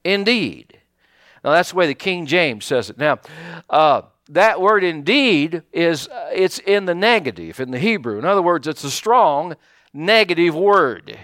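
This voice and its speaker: A man delivers a folksy sermon, stumbling through restarts and fillers as he explains. His voice sits a little high and swings widely in pitch. The sound is dry and close, with no room echo. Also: normal speed. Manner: folksy, animated preaching with many fillers and restarts. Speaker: pastor.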